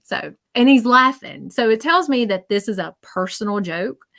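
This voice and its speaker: A woman's voice: on the high side, animated, moderate pace, a bit bright. A woman working as a psychic medium on a livestream. She rambles through her reading with many "um"s and "you know"s and speaks to her viewers directly and reassuringly. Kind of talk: live-streamed psychic reading.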